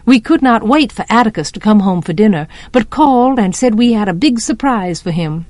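A woman reading a novel aloud as an audiobook narrator, measured and expressive. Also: mid-range voice, no echo. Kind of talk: storybook narration.

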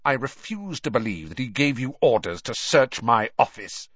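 A man voicing a cold, menacing male professor who speaks in a soft, hissing, dangerous way. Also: mid-range voice, sing-song, moderate pace, no echo. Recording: dry, slightly dull recording.

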